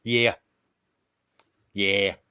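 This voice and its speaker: A man's voice: fairly low pitch, level tone, extremely slow, bright, forceful tone, smooth, no room sound. A man unhurriedly spinning crude stories on a casual chat stream and voicing everyone in them himself. His sound is dry and close, with a dull, lo-fi edge. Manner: profane, wry storyteller acting out quotes. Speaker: streamer, host.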